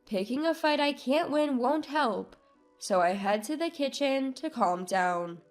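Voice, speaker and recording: A woman narrating a first-person family story in a measured, subdued way. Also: high voice, expressive. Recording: narration with soft background music.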